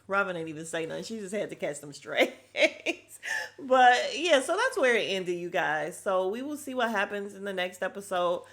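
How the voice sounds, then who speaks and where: A woman's voice: mid-range voice, normal speed. A woman hosting a casual podcast, recapping a reality show episode in a blunt, sassy way and swearing freely. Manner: animated, acts out the cast's lines. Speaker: podcast host.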